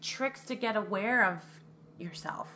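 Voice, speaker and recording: A woman co-hosting a podcast in casual chat, wry and teasing, quick to laugh. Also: mid-range voice, bright, forceful tone, slight background noise. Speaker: podcast co-host.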